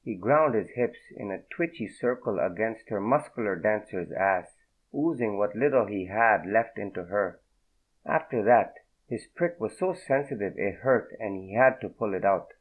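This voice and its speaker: A man narrating an audiobook in a steady, unhurried reading. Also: on the low side. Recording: tinny phone-like audio.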